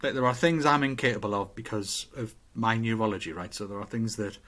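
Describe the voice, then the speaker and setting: A man's voice: fairly low pitch, brisk, a bit bright. Reflective, rambling man. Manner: reflective, rambling, self-questioning with many restarts. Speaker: podcast co-host. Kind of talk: casual chat.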